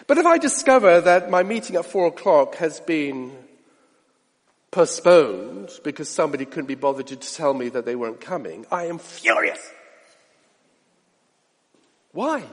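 Male preacher, high animated voice, sermon with rhetorical questions and hushed asides, long hall reverb.

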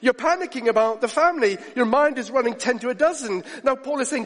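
Male preacher, animated sermon delivery with a high voice, heard in a reverberant hall. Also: fast talker, hardly any pauses. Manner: animated, acts out quoted voices.

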